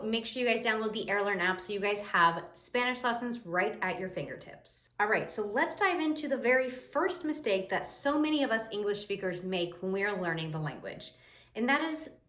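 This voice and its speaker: A young woman giving a casual, lively lesson as a language teacher, chatty and explaining step by step. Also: mid-range voice. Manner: lively, chatty, imitates the viewer's reactions. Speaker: Spanish teacher. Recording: echoey room.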